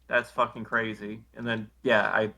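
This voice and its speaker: Podcast co-host, male, gravelly and bright-toned, deadpan profane recap delivery. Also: fairly low pitch, normal speed. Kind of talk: casual chat.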